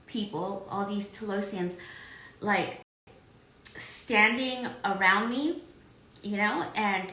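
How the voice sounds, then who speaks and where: A woman in casual conversation, recounting a spiritual experience haltingly with many repeated words. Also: medium pitch, pushed and bright, roomy sound, poor audio. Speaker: podcast co-host.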